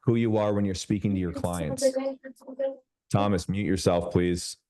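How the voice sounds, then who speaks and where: A man coaching a group over a video call, emphatic and slowing down to stress his points. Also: deep voice, fairly even intonation, warm tone. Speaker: business coach.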